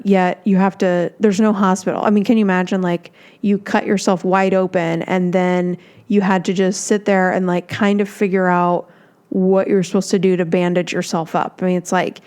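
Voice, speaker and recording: A woman's voice: medium pitch, a little mellow. A woman hosting her own podcast and coaching on breakups, talking in a heartfelt, rambling way with many restarts. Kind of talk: solo podcast monologue.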